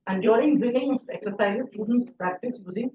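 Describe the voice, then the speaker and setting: A woman's voice: fairly high pitch, brisk, slight background noise. A woman with an Indian English accent, leading a pronunciation workshop for teachers in a chatty, encouraging way. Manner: encouraging, chatty, praises often. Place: classroom or hall. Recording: echoey, distant, dull sound.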